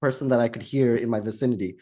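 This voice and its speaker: A man co-hosting a podcast, telling a story in casual chat, animated and swearing. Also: medium pitch, quick pace. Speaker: podcast co-host.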